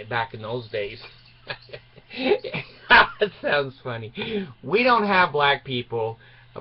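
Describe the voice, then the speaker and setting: Guy in his 60s from utah, rambly storyteller, chuckles a lot, muffled lo-fi audio. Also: mid-range voice. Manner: digressive, chuckling, trails off often. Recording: dull lo-fi recording.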